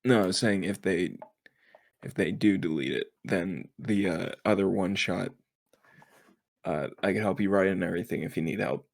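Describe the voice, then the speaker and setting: A man's voice: sits low, moderate pace, creaky, dry recording. A young man co-hosting a podcast, talking casually and hesitantly, with many fillers. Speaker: podcast co-host. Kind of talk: casual chat.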